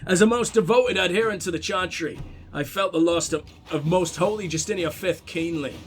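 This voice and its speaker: A man's voice: high voice, moderate pace, faint music behind, pitched below the performer's own voice. A man voicing a formal, devout young male prince with a put-on Irish accent, reading a letter in a stately, ceremonious way. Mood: solemn.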